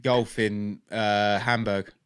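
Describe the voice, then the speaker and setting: A man co-hosting a podcast, trading jokes and deadpan asides in casual banter. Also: fairly low pitch, takes it slowly, smooth, dry recording, clean studio sound. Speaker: podcast co-host.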